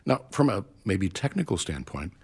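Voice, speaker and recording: A man interviewing an opera singer onstage, asking calm, probing questions. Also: low voice, moderate pace, vocal fry, husky.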